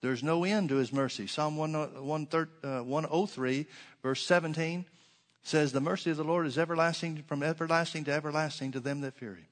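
A man preaching a sermon, reading scripture aloud and swinging between emphatic stresses and soft, quiet asides. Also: on the high side, fairly even intonation, brisk.

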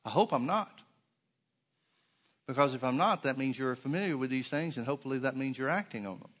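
A man's voice: mid-range voice, lively intonation, a little fast, a bit bright. A man preaching a sermon to his congregation in a church, emphatic, with many rhetorical questions and repeated phrases. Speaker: pastor.

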